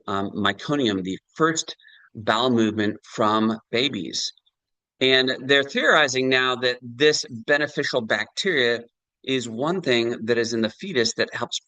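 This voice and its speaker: A middle-aged man talks through a product pitch on a video call, loose and conversational, leaning on fillers and tag questions. His voice is bright and forward, and the sound is dry and close, with no room around it. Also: dry recording, poor audio. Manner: chatty, animated, many fillers and tag questions. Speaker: presenter. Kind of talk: sales presentation on a video call.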